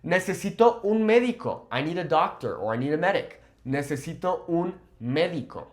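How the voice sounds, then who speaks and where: Guy in his 20s teaching phrases, kinda high voice, bounces around a lot. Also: moderate pace. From California. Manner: lively explaining, switches between English and Spanish. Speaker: Spanish teacher. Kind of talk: language lesson.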